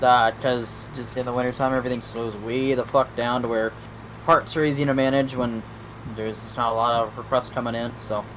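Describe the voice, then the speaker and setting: Relaxed male co-player, casual gaming chat, defends himself in banter, faint hum behind. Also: medium pitch, brisk, rough recording. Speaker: stream co-player.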